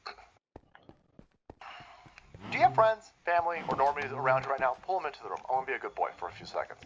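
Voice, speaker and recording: A man's voice: medium pitch, wildly swooping pitch, quick pace, highs cut off, slight background noise. A man hosting a livestream, giving profane, sarcastic political commentary as he reacts to clips. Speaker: stream host.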